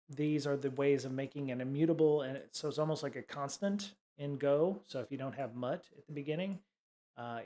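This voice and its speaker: A man with a mid-range, darkish voice hosts a casual livestream teaching coding. He rambles with lots of fillers and throws in sarcastic asides.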